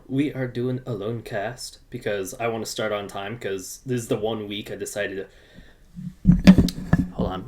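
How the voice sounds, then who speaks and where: A man hosting a casual live podcast from his room at home, talking loosely and greeting viewers in the chat. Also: mid-range voice. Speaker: podcast host.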